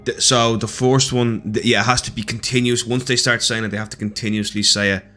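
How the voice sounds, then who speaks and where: A man's voice: medium pitch, flat delivery, brisk, over music. A man running a tabletop game as game master, who explains rules plainly and adds dry quips. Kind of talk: tabletop game rulings and banter.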